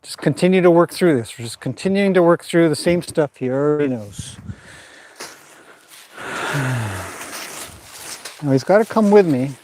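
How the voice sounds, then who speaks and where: Calm man coaching a horse. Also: a little high, a little slow, pauses often, slight background noise. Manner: calm running commentary mixed with soft praise to the horse. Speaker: horse trainer. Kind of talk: explaining while training a horse.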